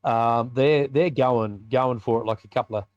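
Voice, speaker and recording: An Australian man of middle pitch recounts a personal story as a podcast guest. He is colloquial and vivid and acts out the conversations. The recording is dry and slightly muffled. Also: fairly even intonation, moderate pace, a little mellow, dry recording. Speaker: podcast guest, biker ministry leader.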